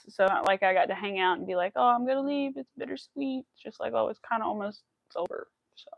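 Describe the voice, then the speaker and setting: A woman's voice: mid-range voice, no echo, highs cut off. A woman in her thirties hosting a crochet live stream, emotional and near tears, rambling with many fillers. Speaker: crochet livestream host. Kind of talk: casual live stream chat.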